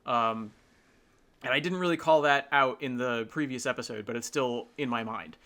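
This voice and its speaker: A man's voice: mid-range voice, moderate pace, pushed and bright. A man hosting a casual explanatory talk, thinking aloud and often checking in with his listener. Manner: keeps checking in with tag questions; thinks aloud with restarts and fillers. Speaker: host.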